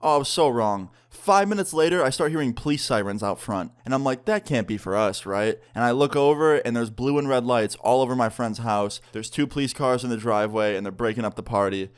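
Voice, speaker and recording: A young man telling a story in a casual vlog, animated and rambling, with lots of "like". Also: mid-range voice, brisk, hardly any pauses, clear, resonant tone. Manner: animated, rambling, heavy use of "like". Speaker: vlogger.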